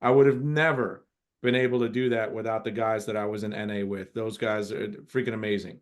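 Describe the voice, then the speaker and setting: A man's voice: on the low side, fairly even intonation, fairly quick. Encouraging man hosting a group call. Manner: encouraging, rambling with restarts. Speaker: host of a group coaching call. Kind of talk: casual group call chat.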